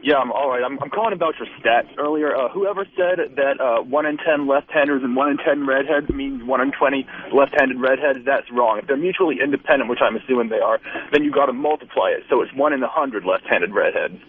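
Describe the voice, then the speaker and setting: A man calling in to a radio show to correct some numbers, quick and matter-of-fact. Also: mid-range voice. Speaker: caller. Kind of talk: phone call to a radio show. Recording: tinny phone line with faint noise.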